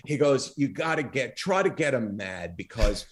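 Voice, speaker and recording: A middle-aged man, once a talk show host, talks freely as a podcast guest. His voice sits at an ordinary pitch but swings widely as he acts out the people in his stories. He talks casually, with plenty of fillers and restarts. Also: moderate pace. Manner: animated storyteller, acts out quoted dialogue with big pitch swings. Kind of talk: storytelling interview talk.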